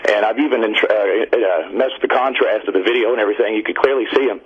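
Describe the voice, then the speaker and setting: A man from Indiana calling in to a radio talk show, telling a long story in a rambling, excited way. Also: on the low side, quick pace, husky. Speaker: caller. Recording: dull radio line.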